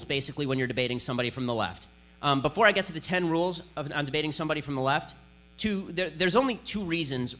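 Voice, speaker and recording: A man's voice: fairly high pitch, bright, forceful tone. A man giving a combative political speech to an audience, sarcastic and emphatic. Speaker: conservative speaker.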